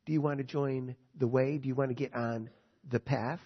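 A man's voice: medium pitch, fairly even intonation, normal speed, slightly rough, lo-fi sound. A man teaching a Bible study lesson, reading scripture aloud and then explaining it in plain words, with rhetorical questions to his listeners.

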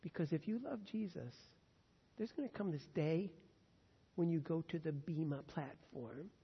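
Earnest preacher guy, loud then soft, long echo, muffled dull recording. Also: fairly high pitch, unhurried, slightly rough. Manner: earnest, swings between loud emphasis and hushed tones. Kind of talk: sermon. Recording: dull sound with long hall reverb.

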